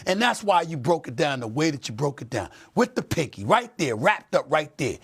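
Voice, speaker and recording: Fiery husky man hosting sports debate. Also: medium pitch, sing-song, normal speed. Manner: fiery, emphatic, repeats phrases for effect. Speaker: host.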